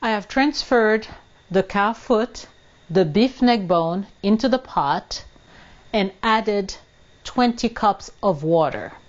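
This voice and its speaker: Woman, home cooking host, unhurried and chatty, slips into French; muffled kitchen audio. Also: mid-range voice, lively intonation. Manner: chatty, narrates each step, drops into French. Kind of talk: casual cooking demonstration.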